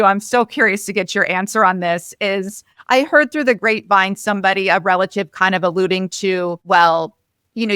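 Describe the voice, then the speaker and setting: A woman's voice: medium pitch, fairly bright tone, clear, resonant tone, no room sound, clean studio sound. A woman podcast host speaking earnestly and reflectively in a casual interview.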